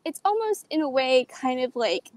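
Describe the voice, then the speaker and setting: A woman in her twenties calling into a live stream, polite and candid, pausing on "um" as she explains herself. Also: high-pitched, very animated, darkish tone, no echo, rough recording. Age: 20s. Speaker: caller. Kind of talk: call-in over a video chat.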